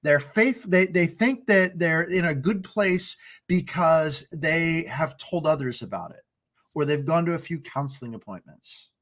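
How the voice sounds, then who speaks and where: A man's voice: on the high side, lively intonation, a little slow, fairly bright tone. A middle-aged man co-hosting a marriage ministry talk, earnestly teaching from scripture in a preacherly way, often restarting his sentences.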